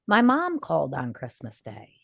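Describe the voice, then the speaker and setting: A woman's voice: deep voice, wildly swooping pitch, moderate pace, gravelly, fairly bright tone, breathy edge, no room sound, studio quality. A woman in her forties co-hosting a podcast, telling a personal story with feeling and acting out quoted dialogue. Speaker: podcast co-host. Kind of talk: casual podcast conversation.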